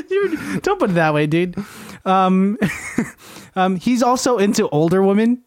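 A man's voice: high voice, sing-song, measured pace. A young man co-hosting a podcast in casual chat, teasing his friend and laughing often. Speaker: podcast co-host.

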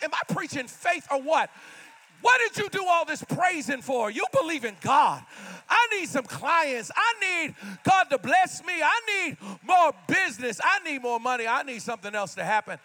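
A young man in his twenties preaching a sermon with fervor, repeating refrains and often shouting out lines. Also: very high voice, very animated, moderate pace.

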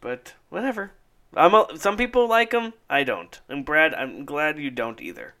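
Bright, upbeat male podcast host. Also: a little high, lively intonation, normal speed. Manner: laughs often, rambling with fillers. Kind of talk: casual podcast chat.

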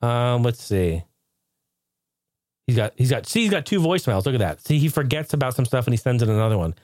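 A man's voice: medium pitch, fairly quick, no room sound, studio quality. A man hosting his own podcast, chatting casually and telling stories with frequent laughs. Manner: animated storyteller, laughs often. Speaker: podcast host.

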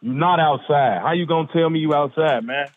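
A man's voice: on the high side, brisk, no echo. Insistent man on a tinny phone line. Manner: defensive, insistent, swears. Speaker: caller receiving a prank call.

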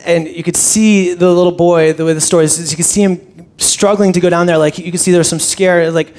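A pastor telling a story in a slightly high voice. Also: male voice, brisk. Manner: animated storyteller with frequent restarts. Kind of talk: conversational sermon storytelling.

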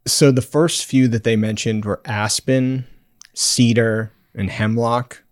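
A man co-hosting a podcast, laid-back and rambling in casual chat, trailing off softly at the end of his phrases. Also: mid-range voice, fairly even intonation, slow pace, dry recording, studio quality. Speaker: podcast co-host.

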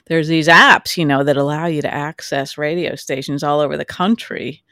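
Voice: mid-range voice, steady tone, normal speed, sharp tone, no room sound, studio quality. A podcast co-host chatting casually and laughing often about a soap opera episode. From New York. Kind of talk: casual chat.

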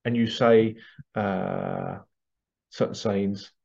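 A man's voice: on the low side, fairly even intonation, very slow, vocal fry, darkish tone, dull audio. A man working as a healing therapist, talking casually in a rambling way and repeating his phrases. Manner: rambling, repeats phrases, acts out quoted voices. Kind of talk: casual monologue to camera.

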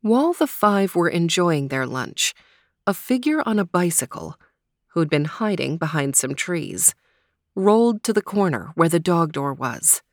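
A woman narrating a children's mystery story in a steady storytelling manner. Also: on the low side, measured pace, dry recording, studio quality.

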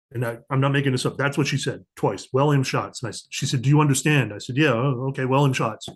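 Man telling a story with animated quotes. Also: mid-range voice, breathy edge. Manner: animated, acts out quoted voices, profane at times. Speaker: podcast guest, diplomatic security agent. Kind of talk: conversational storytelling.

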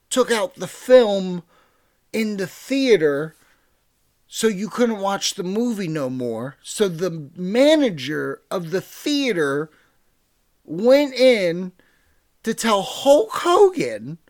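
Excitable rambling man, a bit high-pitched. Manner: excitable rambling with frequent swearing and fillers; animated, mixes loud bursts with mumbled asides. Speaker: pop-culture reviewer. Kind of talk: casual chat.

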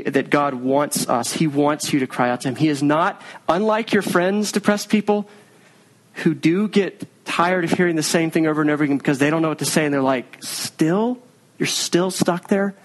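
An earnest male pastor preaching in a conversational, unhurried way. His voice sits a little high for a man. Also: low-quality recording. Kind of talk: sermon.

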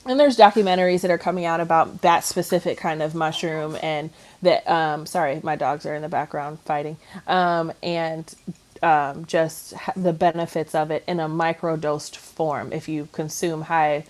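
A woman co-hosting a casual discussion podcast from home, talking in an animated way, full of fillers and emphatic agreement. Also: low voice, moderate pace. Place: at home, dogs nearby.

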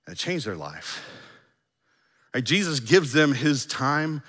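A male pastor preaching a sermon, animated, acting out the lines he quotes. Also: mid-range voice, takes it slowly, long reverb tail.

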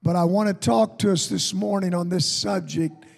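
Slow, gravelly preaching man in a hall. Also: sits high, fairly even intonation, darkish tone. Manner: folksy, builds to fervent preaching. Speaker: pastor. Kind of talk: sermon with storytelling. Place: church sanctuary.

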